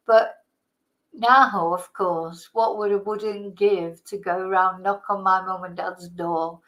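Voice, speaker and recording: A middle-aged woman chatting on her livestream in a loose, rambling way, calling out hello to viewers by name. She sounds a little tired, and her voice sits at an everyday middle pitch. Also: slow pace, low-quality recording. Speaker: livestream host. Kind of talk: casual live chat.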